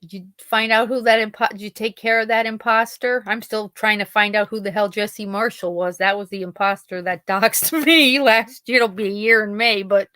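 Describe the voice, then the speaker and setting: A woman's voice: medium pitch, fairly even intonation, moderate pace, few pauses, sharp tone, dry recording. A woman from Pennsylvania hosting a podcast, chatting casually with live listeners and telling rambling stories full of quoted dialogue. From Pennsylvania, USA. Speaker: podcast host.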